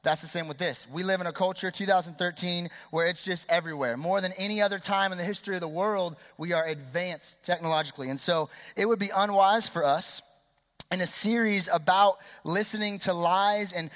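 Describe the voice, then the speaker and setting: A man in his twenties preaching a youth sermon in an energetic, chatty way, quizzing the crowd. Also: sits high, a little fast. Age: 20s. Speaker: youth pastor. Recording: long hall reverb.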